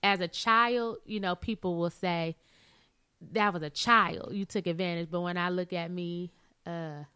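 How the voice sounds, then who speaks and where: A young woman speaks candidly in a casual conversation, her voice bright and smooth. She is open and emotional, often laughing through her tears. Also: lowish voice, fairly even intonation, moderate pace. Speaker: podcast guest sharing her story.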